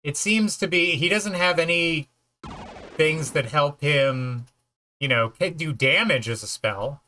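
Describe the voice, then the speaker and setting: A man's voice: on the high side, measured pace, sharp tone, a little hiss or hum. A man streaming a game, chatting casually, joking and rambling as he plays. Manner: joking, rambling, puts on silly voices. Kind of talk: casual let's-play chat.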